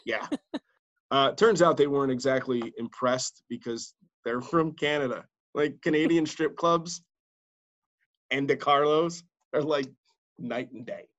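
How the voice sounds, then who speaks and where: A man, a radio DJ and podcast host, telling stories in casual chat, swearing freely and acting out quotes in a louder voice. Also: mid-range voice, measured pace, dull audio. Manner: animated, swearing, acts out quotes loudly.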